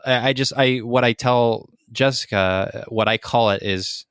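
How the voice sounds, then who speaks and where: A man hosting a podcast in casual chat, affirming his guest with quick agreement and halting restarts. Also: mid-range voice, a bit bright, clear, resonant tone, no room sound, studio quality. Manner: affirming, stammering restarts, laughs easily. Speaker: podcast host.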